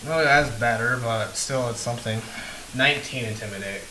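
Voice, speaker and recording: A man's voice: medium pitch, moderate pace, pushed and bright. A man playing a tabletop game, laid-back and joking, laughing often. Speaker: player. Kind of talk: casual tabletop play. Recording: echoey room, mic far off, noisy.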